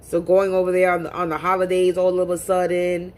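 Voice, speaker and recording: A woman's voice: on the low side, monotone, fairly quick. A woman speaking to camera in a casual monologue as a spiritual reader, talking bluntly and profanely and often repeating words as she restarts.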